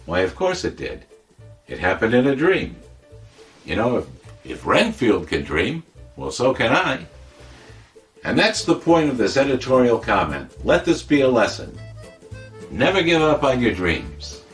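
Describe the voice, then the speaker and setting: A man's voice: medium pitch, a little slow, pauses often, faint music behind. A man doing a boastful wisecracking comic. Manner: deadpan, rambling, self-contradicting. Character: boastful wisecracking older man, tall-tale teller. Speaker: comic editorial presenter. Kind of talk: comedic monologue.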